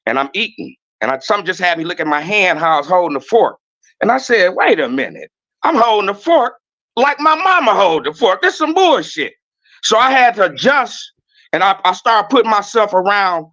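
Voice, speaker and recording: A man calling in to a talk show, telling stories in a loud, blunt, preachy way. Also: on the high side, dull audio. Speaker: caller. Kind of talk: casual talk-show call.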